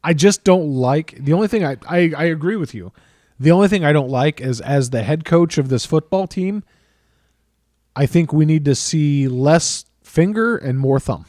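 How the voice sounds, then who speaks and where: A man's voice: on the high side, expressive, moderate pace, darkish tone, dry recording, clean studio sound. A man co-hosting a casual sports chat, blunt and opinionated, often repeating himself as he makes his picks. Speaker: podcast co-host.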